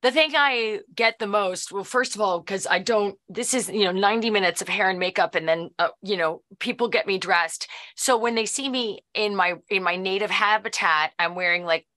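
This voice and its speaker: A woman's voice: moderate pace, few pauses. A middle-aged woman being interviewed, an actress and producer chatting casually and animatedly, jumping into quoted voices. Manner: animated, lively, jumps into high quoted voices.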